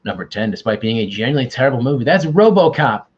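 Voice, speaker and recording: A man's voice: lowish voice, rapid-fire, husky, dull audio. A man hosting an online quiz, bantering casually and teasing himself. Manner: joking, self-deprecating banter. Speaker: quiz host.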